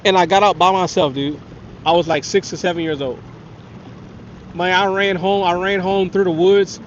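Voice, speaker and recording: A man's voice: high-pitched, steady tone, moderate pace, slight background noise. A man, hosting a fishing livestream from a kayak and rambling through stories with frequent laughs. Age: 30s. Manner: rambling, laughs often, reads chat. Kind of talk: casual storytelling livestream. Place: outdoors on the water in a kayak. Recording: dull lo-fi outdoor stream audio.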